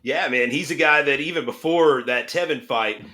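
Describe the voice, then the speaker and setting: A man's voice: mid-range voice, moderate pace, sharp tone. A man hosting a casual interview, asking questions in a rambling way with plenty of fillers. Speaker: interview host.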